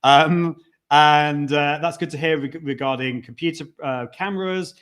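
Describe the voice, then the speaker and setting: A man's voice: fairly high pitch, fairly even intonation, a little slow, a bit bright, clean tone. A man hosting a live stream, chatting casually with a guest and reading out viewer comments. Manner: chatty, restarts, reads out comments. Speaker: host.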